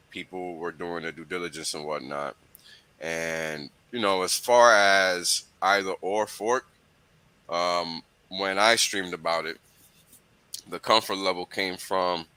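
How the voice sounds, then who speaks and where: Host, man, deep forceful voice, casual explainer. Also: clean tone, dry recording. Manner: explains with repeated "right?" and "you know". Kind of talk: casual crypto chat.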